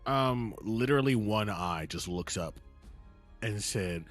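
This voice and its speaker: A man's voice: lowish voice, expressive, slow pace, faint music behind. A man running a tabletop game as game master, talking casually and swearing.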